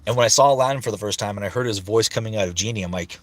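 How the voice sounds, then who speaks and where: A man's voice: lowish voice, racing, no echo. A man in his thirties, a voice actor chatting casually on a livestream, rambling and swearing freely. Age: 30s. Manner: rambling, searching for words.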